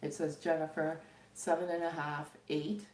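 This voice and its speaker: Her voice sits low with a darkish tone and flat delivery at a normal pace. She is a middle-aged Canadian tarot reader giving viewers a loose, spiritual chat marked by many fillers and regular laughs, in a room with echo.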